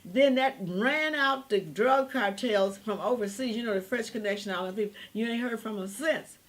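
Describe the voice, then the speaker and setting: Older woman, high voice, rambling, emphatic, preachy. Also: normal speed. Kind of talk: impassioned political monologue.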